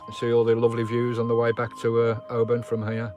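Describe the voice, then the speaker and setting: A man's voice: medium pitch, monotone, quick pace. Rambling male vlogger, casual live chat, faint music in the background. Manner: rambling, chatty, talks to his dog and viewers. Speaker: vlogger hosting a live stream. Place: inside a campervan.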